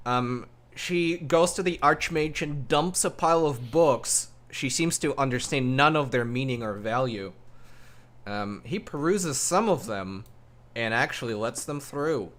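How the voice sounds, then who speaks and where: A male game master improvising scenes for a tabletop game, with a middle-pitched voice. He narrates loosely, full of ums and quick restarts. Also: expressive, a bit bright. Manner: loose, filler-heavy with frequent ums.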